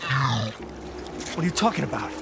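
A furious cornered husband. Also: male voice, medium pitch, big pitch swings, unhurried, creaky, loud music behind the voice. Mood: angry. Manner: curses and snaps in short bursts. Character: hunted young husband, angry and desperate. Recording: game audio with noise under it.

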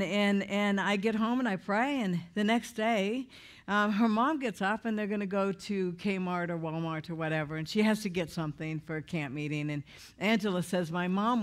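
A woman's voice: mid-range voice, normal speed. A middle-aged woman from Idaho preaching through a personal story, acting out the voices and laughing often. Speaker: speaker at a church meeting. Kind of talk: storytelling sermon.

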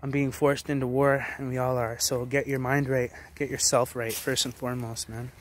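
A man's voice: medium pitch, flat delivery, normal speed. A man in his late twenties giving a blunt, heavily profane motivational rant straight to the camera, full of restarts and repetitions. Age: 20s. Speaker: vlogger.

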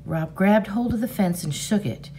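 A teacher reading a novel aloud to her class in a measured, expressive storybook manner. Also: medium pitch, a little hiss or hum.

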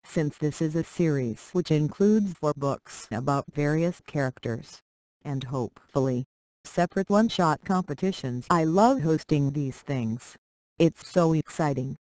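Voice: medium pitch, lively intonation, a little slow, darkish tone, dry recording. Reader going through contest rules in a plain list-like way, dry close sound. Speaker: story reader. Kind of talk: reading a story contest announcement.

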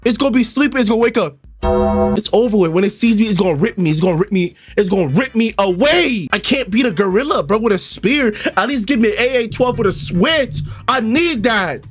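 Young male reaction host, high for a man, rants in big exaggerated bursts, faint music underneath. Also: fairly quick, breathy edge. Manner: animated and exaggerated, with sudden loud outbursts and heavy swearing. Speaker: online video host reacting to a video. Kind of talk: comedic reaction commentary.

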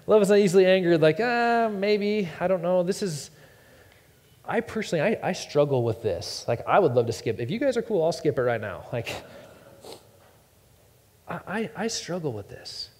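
A man's voice: a little high, big pitch swings, moderate pace, pauses often, a little mellow. A man in his thirties preaching a sermon as pastor, telling stories casually and stumbling over repeated words. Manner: casual storytelling, repeats words, self-deprecating. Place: church sanctuary. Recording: long reverb in a church hall.

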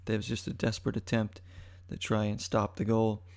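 A young adult man hosting a podcast, giving an excited, rambling match recap full of fillers. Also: lowish voice, brisk, creaky. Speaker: podcast host. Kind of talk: casual sports talk monologue.

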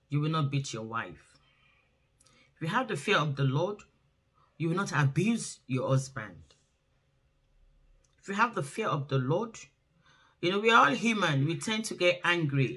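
A woman's voice: low voice, a bit bright, breathy edge. A middle-aged woman, hosting a relationship talk and giving earnest, preachy advice. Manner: earnest, exhorting, acts out quoted voices.

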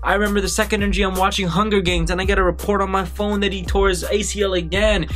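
A young man watching basketball highlights and reacting out loud, excitable and emotional, swinging from shouting to hushed, tearful talk. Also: fast talker, few pauses, soft background music. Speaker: fan reacting to game highlights.

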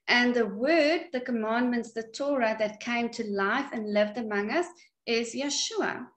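Woman teaching bible study, slow earnest talk, roomy echo. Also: a little high. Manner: slow, earnest, with frequent fillers. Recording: echoey room.

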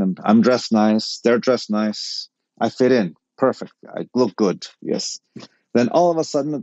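A middle-aged man tells a personal story with a mellow, dark-toned voice and acts out each line of dialogue. The sound is close and dry, a little dull and lo-fi. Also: medium pitch, dry recording. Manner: animated anecdote-telling, quotes people in dialogue. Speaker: podcast guest.

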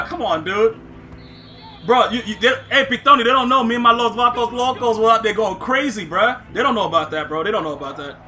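Hyped-up streamer guy, high sharp voice, slangy play-by-play, cracking up at the game and chatting with viewers. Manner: excitable, slangy, laughs a lot, talks to chat. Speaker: gaming streamer. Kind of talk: casual live gameplay commentary.

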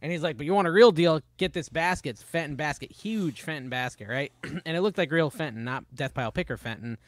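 A man's voice: on the high side, brisk, no echo. A man co-hosting a podcast, telling stories in casual chat and acting out other people's lines. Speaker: podcast co-host.

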